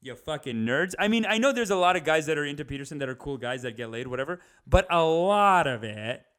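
A young man riffing in a comedic rant, animated, slipping into higher mocking impressions. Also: fairly quick.

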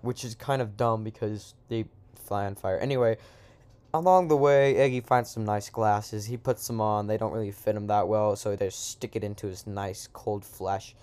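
Rambling young-sounding man, smooth voice. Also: lowish voice, moderate pace, darkish tone. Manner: rambling, slangy, full of "like" and asides. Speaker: storyteller. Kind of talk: improvised comic storytelling.

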